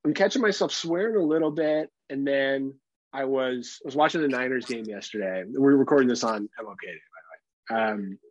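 A young adult man co-hosting a casual podcast, telling animated stories and swearing freely. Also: mid-range voice, brisk, no room sound, highs cut off. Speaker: podcast co-host.

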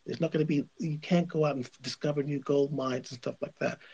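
A man's voice: fairly high pitch, steady tone, brisk, vocal fry, warm tone, husky, dull audio. A male radio host giving opinionated commentary, emphatic and insistent, repeating his points.

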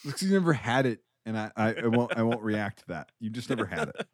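Man, podcast co-host, swears a lot, animated pitch, dry close sound. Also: quick pace, dry recording. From Wisconsin. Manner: loud, heavy swearing, mock-angry ranting. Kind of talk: casual film podcast chat.

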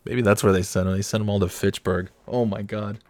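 A man's voice: fairly even intonation, brisk, no room sound. A man hosting a podcast, telling a rambling, self-deprecating story in casual chat. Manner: rambling, self-deprecating, acts out quotes in high yelling voices. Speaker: podcast host.

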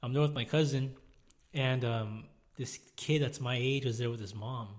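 A young man, co-hosting a podcast in relaxed, slangy chat. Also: medium pitch, normal speed. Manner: relaxed, chatty, casual slang. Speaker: podcast co-host. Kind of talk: casual chat.

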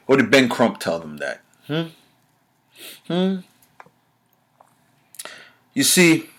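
Blunt, profane man ranting on his podcast. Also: on the low side. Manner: rhetorical questions at listeners. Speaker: podcast host. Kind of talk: solo opinion rant.

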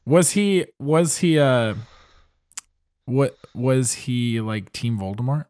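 Brief: man, medium pitch, hesitant rambling chat, dry close sound. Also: lively intonation, slow pace, darkish tone, clean tone, dry recording. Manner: hesitant, rambling, self-correcting. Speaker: podcast co-host. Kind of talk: casual chat.

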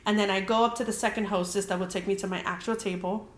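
A woman's voice: medium pitch, fairly even intonation, fast, a little hiss or hum. A young woman casually telling a story as a podcast host, chatty and full of "like", swearing freely. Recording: roomy echoey room.

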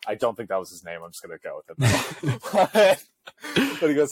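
Young male co-host, casual storyteller, middle pitch, dry close sound, loose rambling delivery. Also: wildly swooping pitch, a little fast, husky, no echo. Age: young adult. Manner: rambling, heavy use of filler "like". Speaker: podcast co-host; college student section leader.

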